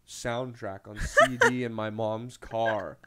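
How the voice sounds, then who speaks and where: A young man hosting a casual podcast chat, animated, who slips into loud, goofy impressions. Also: lowish voice, slow pace, very noisy. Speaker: podcast host.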